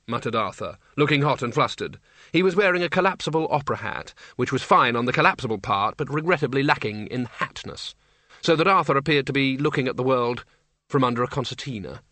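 Man narrating a novel, bright tone, dry close sound, measured. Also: mid-range voice, lively intonation, dry recording. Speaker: audiobook narrator. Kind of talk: scripted narration.

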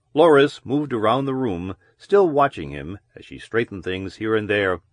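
A man giving measured, descriptive audiobook narration of a novel. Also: mid-range voice, dry recording.

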